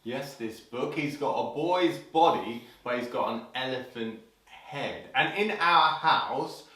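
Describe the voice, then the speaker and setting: A man hosting a children's show, telling a story playfully and breaking into sudden shouts, heard in an echoey room from a distance. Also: medium pitch, slow. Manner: animated, leaps into loud sudden shouts for scares.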